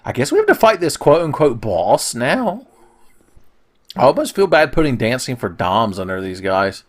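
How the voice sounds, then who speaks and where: A man's voice: mid-range voice, sing-song, normal speed. A man giving casual, sarcastic commentary over his own gameplay, swearing often and cracking jokes. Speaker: gaming video host.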